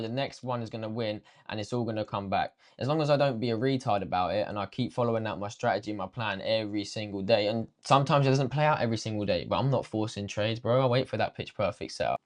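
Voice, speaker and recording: Young man, trading coach, blunt rant, heavy swearing, tag words like bruv. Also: medium pitch. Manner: swears a lot, says bruv and yeah at the end of lines. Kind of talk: blunt motivational rant to camera.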